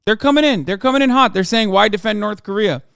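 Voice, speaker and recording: A streamer in his thirties rants at his live chat, reacting fast and cursing freely before swinging into loud yelling. His high voice sounds smooth and resonant, recorded close and dry with no echo.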